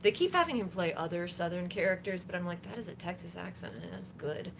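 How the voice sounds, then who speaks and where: A woman's voice: on the low side, quick pace, gravelly, background noise. A woman singer-songwriter chatting casually between songs on a live stream, rambling with lots of fillers while she plays guitar. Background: guitar playing.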